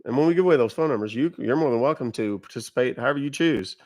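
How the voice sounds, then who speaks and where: A man's voice: medium pitch, rapid-fire, darkish tone, no room sound, clean studio sound. A man hosting a live stream, talking casually to viewers and giving blunt, emphatic warnings. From United States. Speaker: livestream host. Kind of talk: casual livestream talk to viewers.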